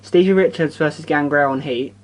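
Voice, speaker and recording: A woman in casual chat, excitable and swearing, listing things off. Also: sits low, fairly quick, a little hiss or hum.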